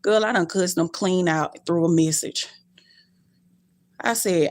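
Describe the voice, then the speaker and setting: A young adult woman live-streaming to her viewers, telling stories animatedly, cussing bluntly and jumping in pitch. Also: a little slow, pauses often.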